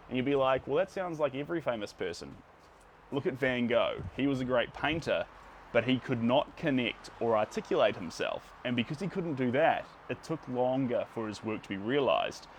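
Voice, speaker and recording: A man's voice: medium pitch, a little hiss or hum. Chatty New Zealand man painting live. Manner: chatty, greets viewers by name while painting. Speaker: livestream painter. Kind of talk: casual painting livestream chat.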